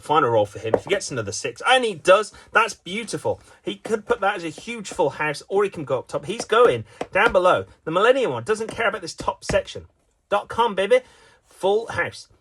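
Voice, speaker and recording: Brief: man as playful mock sportscaster, slightly high voice, faint noise. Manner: playful, jokey, with frequent fillers and restarts. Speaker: commentator. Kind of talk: mock sports commentary of a solo dice game.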